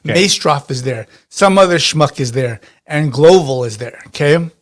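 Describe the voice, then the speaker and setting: Rambling game master, slightly high voice. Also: male voice, expressive, a little slow. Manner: rambling, many restarts and fillers. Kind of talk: narrating a tabletop role-playing game.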